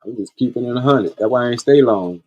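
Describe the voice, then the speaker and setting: A man's voice: mid-range voice, fast, mellow, lo-fi sound, slight background noise. A man hosting a podcast, telling stories in a blunt, profane, laid-back way. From Columbia, South Carolina. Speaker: podcast host. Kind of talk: casual storytelling monologue.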